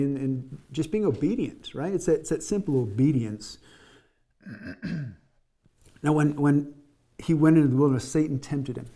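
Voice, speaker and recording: A man's voice: a little high, moderate pace, pauses often, mellow. A man giving a conversational sermon, often repeating words as he restarts and acting out the quotes he tells. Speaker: preacher.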